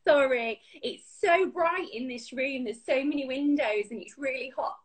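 A young woman with a Yorkshire accent, an actor and presenter, chatting with a bubbly, laughing manner in a bright room at home over a video call. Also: high voice, normal speed, slightly rough. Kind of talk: casual video-call interview.

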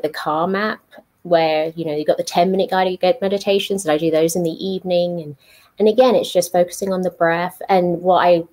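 Female guest, low-ish voice, relaxed and gentle when she explains. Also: low-quality recording. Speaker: podcast guest. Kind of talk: casual interview chat.

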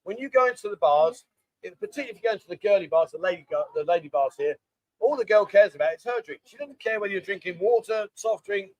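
A man's voice: high-pitched, expressive, fast, no echo, low-quality recording. A man hosting a casual live stream, chatting and reading viewer questions aloud. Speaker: host of a live bar stream.

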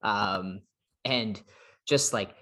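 A man's voice: fairly low pitch, drawn-out words, fairly bright tone. A man hosting a casual sports podcast, upbeat and chatty, reading quotes aloud. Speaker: podcast host.

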